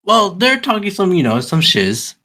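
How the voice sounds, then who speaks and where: Podcast guy recapping a movie, bright voice, lots of uhs. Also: high-pitched, big pitch swings, normal speed. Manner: loose, hesitant recapping with many fillers. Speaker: podcast co-host. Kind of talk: casual movie recap chat.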